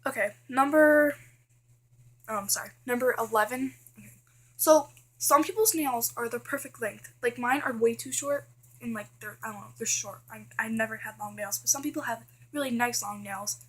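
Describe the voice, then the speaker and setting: A woman's voice: a little high, moderate pace, slightly rough. A teenage girl vlogging casually, chatty and full of fillers, complaining about things that annoy her. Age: teens. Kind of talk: casual list vlog.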